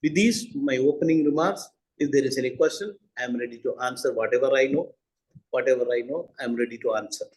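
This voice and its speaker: An older man speaks at a webinar as a university founder. His pitch sits in the middle range, and his delivery is earnest, with key phrases repeated for weight. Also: fast, a little mellow, low-quality recording. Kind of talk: speech at a webinar.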